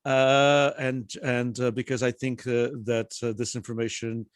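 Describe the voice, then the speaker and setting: A man's voice: mid-range voice, level tone, moderate pace, smooth, dry recording, clean studio sound. Man hosting with many ums and thanks. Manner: warm thanks, many fillers and restarts. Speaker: host, community organizer. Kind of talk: interview host wrapping up.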